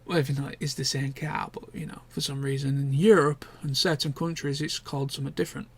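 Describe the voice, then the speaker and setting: A man's voice: medium pitch, flat delivery, fast, husky. A young man, chatting casually and candidly in a rambling vlog catch-up, with the odd swear word. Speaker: vlogger. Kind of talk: casual chat.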